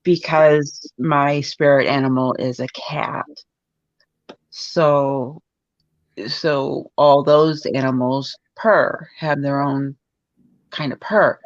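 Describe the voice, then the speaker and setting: A woman guest in a casual talk, speaking haltingly with many fillers and restarts. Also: deep voice, steady tone, no echo, lo-fi sound. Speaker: podcast guest. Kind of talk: casual conversation.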